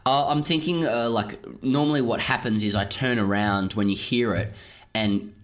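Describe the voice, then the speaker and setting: A man's voice: medium pitch, normal speed, a bit bright. A man co-hosting a podcast, telling wry stories and reading listener questions in casual chat. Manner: dry, wry storytelling, reads listener letters aloud. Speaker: podcast co-host.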